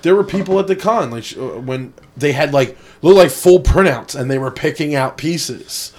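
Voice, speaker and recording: A man's voice: a little high, moderate pace, darkish tone, a little hiss or hum. A man chatting on a casual podcast, blunt and swearing freely. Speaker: podcast panelist. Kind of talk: casual chat.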